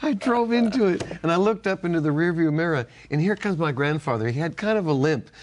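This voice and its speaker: An older man from the United States co-hosting a Christian talk show, sharing family stories and faith in an animated way with frequent laughter. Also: high-pitched, normal speed, slight background noise. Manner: animated storyteller, laughs often. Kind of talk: casual faith-based chat.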